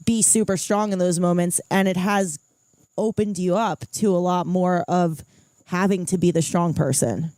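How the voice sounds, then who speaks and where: A woman's voice: on the low side, fairly even intonation, normal speed, a little mellow, no room sound. A woman co-hosting a casual chat, supportive and reassuring, often laughing. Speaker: podcast co-host.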